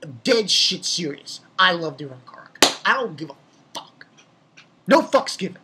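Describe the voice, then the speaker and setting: A young man casually reviewing a comic chapter, rambling and excitable, swearing freely and laughing at his own jokes. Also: high voice, moderate pace, background noise. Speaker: manga reviewer.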